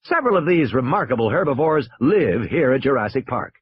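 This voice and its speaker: A man's voice: mid-range voice, sing-song, fairly quick, husky, dull audio, voice pushed up. A man reading a tour announcement recording. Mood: informative. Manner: informative, announcer-like. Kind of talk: audiobook reading.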